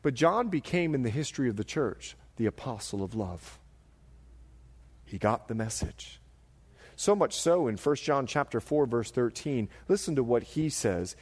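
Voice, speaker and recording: A middle-aged man preaching a sermon, animated and jokey, slipping into voices as he tells stories. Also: medium pitch, measured pace, in a large hall. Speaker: pastor.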